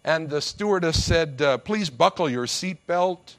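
A man's voice: a little high, animated, unhurried, fairly bright tone. A man preaching a sermon, emphatic, acting out the quotes he tells.

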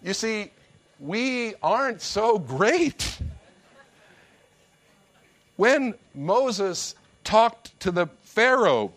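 High-voiced, slow-preaching man. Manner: emphatic preaching with acted-out quotes. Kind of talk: sermon.

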